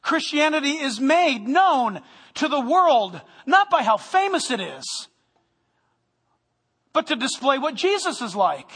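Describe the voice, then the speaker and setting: Male pastor, high bright tone, humorous energetic sermon, long church-hall reverb. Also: takes it slowly. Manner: animated preaching with humor, sometimes loud. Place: church sanctuary.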